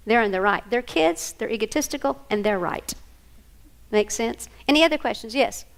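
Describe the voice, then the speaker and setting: A woman with a slightly high, gravelly voice teaches a workshop to a live audience at normal speed. She's an animated presenter who tells stories and checks in with her listeners.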